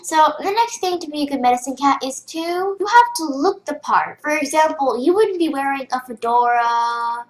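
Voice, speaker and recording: A woman's voice: high-pitched, moderate pace, hardly any pauses, roomy sound, low-quality recording. A young girl in a casual tutorial, chatty and rambling with lots of fillers and restarts, keyboard typing behind her. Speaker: game tutorial host. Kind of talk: casual screen-recorded tutorial.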